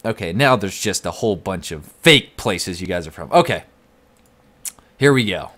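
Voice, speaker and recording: A man's voice: low voice, lively intonation, normal speed, bright, forceful tone. A young man streaming live from home, chatting casually and reading out the chat.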